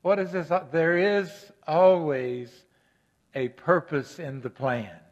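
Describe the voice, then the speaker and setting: A male pastor preaching a sermon, gentle and earnest, rising to emphatic questions and repetition. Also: a little high, dull audio.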